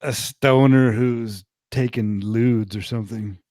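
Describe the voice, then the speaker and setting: A man's voice: medium pitch, steady tone, takes it slowly, dark tone, no room sound, studio quality. A man hosting a tech podcast, reading a show teaser and chatting casually, critical of his own read. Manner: self-critical, redoes his intro read. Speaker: podcast host.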